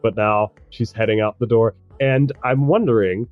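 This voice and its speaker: A man narrating a tabletop role-playing game as game master, chatty and halting, often laughing as he goes. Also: lowish voice, no echo, narrow, tinny audio, soft background music.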